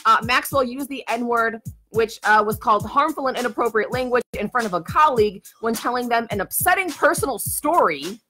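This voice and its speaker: A woman's voice: a little high, expressive, a little fast, hardly any pauses, bright, forceful tone, soft background music. A woman co-hosting a podcast, reading news stories aloud in a dry, blunt way. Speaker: podcast co-host.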